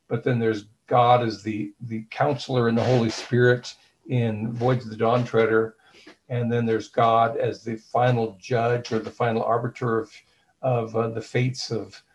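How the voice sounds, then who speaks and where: A man's voice: medium pitch, darkish tone, highs cut off, slight background noise. Thoughtful man explaining at length. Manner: thoughtful, with many fillers and restarts; retells scenes with quoted dialogue. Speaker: author and guest. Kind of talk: interview.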